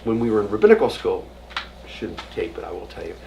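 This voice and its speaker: Distant rabbi telling stories in class. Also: male voice, fairly low pitch, wildly swooping pitch, fast talker, creaky, muffled recording. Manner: storytelling with jokes and acted quotes, dropping to a whisper at times. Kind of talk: informal adult education lecture. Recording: distant mic with audible room noise.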